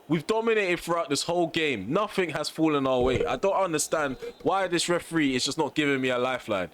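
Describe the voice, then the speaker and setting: A young man commentating on his football video game, ranting at the referee, then calmly recapping for viewers. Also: on the high side, fairly quick, hardly any pauses, a little hiss or hum. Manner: exasperated ranting at the referee, shouting. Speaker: gaming YouTuber. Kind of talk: gameplay commentary.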